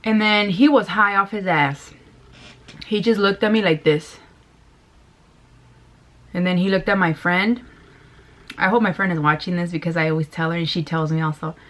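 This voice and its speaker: A woman's voice: on the low side, steady tone, normal speed, long pauses, fairly bright tone. A young woman from Mexico telling a rambling, casual story while eating, swearing freely and laughing now and then. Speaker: vlogger.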